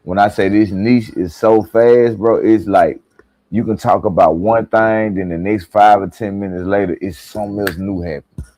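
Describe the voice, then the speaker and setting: Deep-voiced man hosting a live stream. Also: normal speed. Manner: relaxed, slangy, addresses viewers directly. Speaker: live-stream reaction host. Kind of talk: casual live-stream talk.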